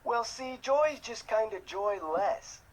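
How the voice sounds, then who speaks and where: A laid-back young security guard speaks in an easygoing drawl. The voice has a slightly husky edge and a lively, swinging pitch. It sounds like character dialogue from a mystery adventure game. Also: slow pace, poor audio.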